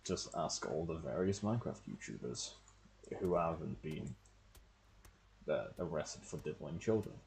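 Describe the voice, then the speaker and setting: A low-voiced man with a gravelly, fry-heavy edge, talking through his game in a loose, swearing, joking ramble. His pitch swings widely, and his tone sits dark and mellow over faint background noise. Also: expressive, a little slow. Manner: wry, profane, rambling asides. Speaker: streamer. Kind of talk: casual gameplay commentary.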